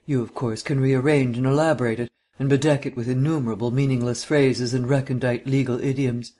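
A man voicing a languid, witty gentleman detective who speaks in an unemotional drawl. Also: mid-range voice, fairly even intonation, a little fast, close to an everyday voice. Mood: airy, mocking. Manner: unemotional drawl, airy and mocking.

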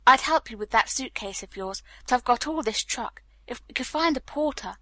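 A woman reading the lines of a stiff, earnest young Boston gentleman in an audiobook, formal in manner. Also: fairly high pitch, expressive, normal speed, no echo.

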